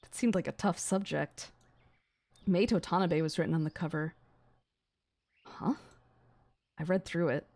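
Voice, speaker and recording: A young adult woman streamer reading a visual novel aloud on a gaming stream, excitable and swearing between gasps and laughs. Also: lowish voice, a little slow, long pauses.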